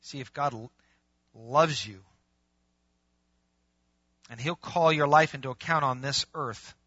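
A man's voice: mid-range voice, slow, husky, no echo. A male pastor preaching a conversational sermon, acting out bits of dialogue. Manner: animated, conversational, acts out dialogue. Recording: muffled, dry lo-fi recording.

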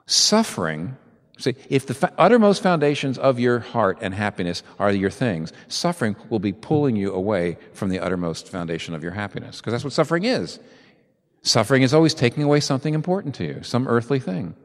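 Animated preacher in a reverberant hall. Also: male voice, medium pitch, normal speed. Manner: animated preaching, swinging from soft asides to loud emphatic peaks. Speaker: pastor. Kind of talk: sermon.

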